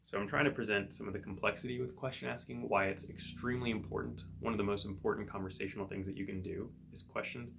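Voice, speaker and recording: Low gravelly-voiced male therapist musing. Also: steady tone, fast talker, hardly any pauses, a bit bright, a little hiss or hum. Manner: thinking aloud, conversational, plain examples. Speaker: psychotherapist podcast host. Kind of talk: solo reflective monologue.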